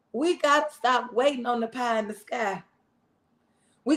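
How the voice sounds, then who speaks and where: A woman's voice: a little high, a little slow, pauses often, fairly bright tone. A woman pastor, preaching in a live-streamed sermon talk with call-and-response and repeated phrases. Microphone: wears hearing aids, speaking to camera.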